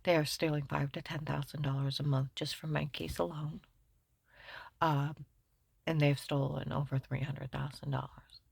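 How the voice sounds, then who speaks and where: A woman delivers a rambling, agitated monologue about her troubles and keeps listing laws. Her low voice has a gravelly edge and a bright, cutting tone. The recording is close and dry, with no room sound. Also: flat delivery, no echo. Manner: rapid, rambling, shifts between hushed and loud; recites laws and legal terms. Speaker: speaker recounting her own ordeal.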